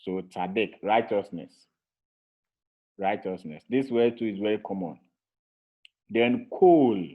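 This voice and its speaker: A male teacher leads an online class, drilling words at a slow, deliberate pace and repeating each one patiently. His voice sits a little low. It comes through a thin, phone-like call line. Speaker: Hebrew teacher. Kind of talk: online language lesson. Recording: tinny phone-like call audio.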